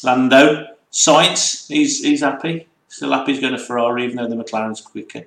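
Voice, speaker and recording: A man's voice: medium pitch, normal speed, gravelly, a bit bright. A man co-hosting a casual motoring talk show, ranting and mocking mispronunciations in playful chat. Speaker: co-host. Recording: echoey room.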